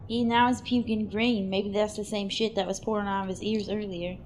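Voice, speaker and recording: A woman giving casual, crude comic play-by-play narration of a cartoon, offhand at times and breaking into excited exclamations. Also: medium pitch, normal speed, few pauses, soft background music.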